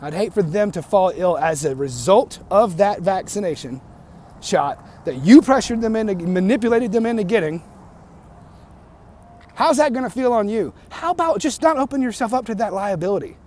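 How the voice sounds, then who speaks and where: Heated, high-voiced man ranting. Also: expressive, moderate pace, a little mellow, a little hiss or hum. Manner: heated, profane, repeats and restarts himself. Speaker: vlogger. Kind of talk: angry rant to camera.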